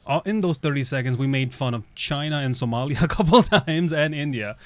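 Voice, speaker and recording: With a fairly high, slightly bright voice and no echo, a Russian-raised podcast host speaks fairly quickly. He keeps the conversation easygoing and loose, leaning on "you know" again and again.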